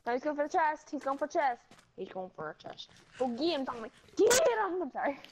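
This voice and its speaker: Excitable high-voiced woman. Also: fast. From West Virginia. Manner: excitable, rambling, apologetic. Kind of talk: casual gaming chat. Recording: noticeable background noise and clicks.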